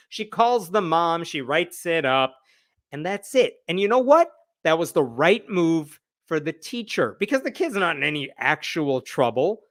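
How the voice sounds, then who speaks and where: A man hosting a live news roundup, retelling a story with wry, animated commentary and quick acted-out quotes. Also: a little high, no echo, clean studio sound. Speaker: news show host.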